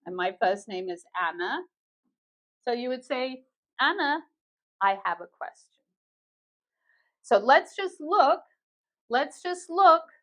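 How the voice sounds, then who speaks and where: A woman from England with a London accent, an English teacher giving a clear, patient online lesson. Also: fairly high pitch, fairly bright tone, low-quality recording.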